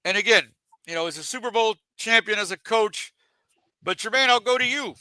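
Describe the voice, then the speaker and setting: A man's voice: high-pitched, brisk, sharp tone, smooth, no echo, poor audio. A man hosting a casual sports talk show, chatty and leading the discussion. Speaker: podcast host.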